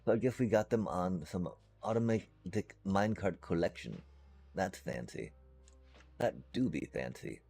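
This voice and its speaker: A man's voice: sits low, lively intonation, unhurried, creaky, dark tone, husky, soft background music. A man streaming a game live, chatting casually and playfully to his viewers in a rambling way. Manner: rambling and playful, addresses chat.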